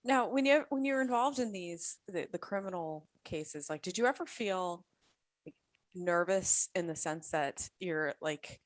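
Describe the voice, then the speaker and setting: A woman hosts an interview podcast and asks her questions casually, filling her pauses with "like." Her pitch rises and falls a lot, and her voice sounds dry and close. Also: lively intonation, dry recording. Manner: frequent "like" fillers, searching for words. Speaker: podcast host. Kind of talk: conversational interviewing.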